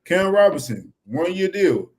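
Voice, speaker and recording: Animated man talking football. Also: sits high, measured pace. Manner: animated, repeats "you know what I'm saying". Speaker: fan podcast co-host. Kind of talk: casual fan chat.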